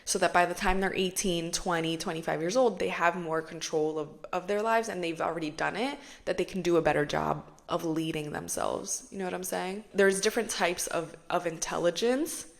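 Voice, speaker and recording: A woman's voice: fairly low pitch, normal speed, creaky, hardly any pauses. A young woman hosting a podcast, talking casually and chattily, with lots of "like" fillers and the odd swear. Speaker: podcast host.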